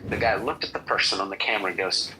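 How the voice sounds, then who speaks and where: A man's voice: fairly low pitch, quick pace, bright, forceful tone, a little hiss or hum, low-quality recording. A man hosting a political talk show, bluntly firing off rhetorical questions. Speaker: host.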